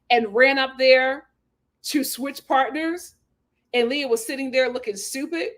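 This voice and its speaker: A woman hosting a casual recap chat, reading viewer comments aloud, animated and exclamatory with frequent laughter. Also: sits high, moderate pace. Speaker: host of a reality TV recap channel.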